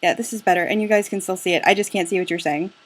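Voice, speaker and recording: A woman's voice: on the low side, very fast. A woman playing a video game and chatting casually to viewers, loose and a bit sweary. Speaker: let's play gamer.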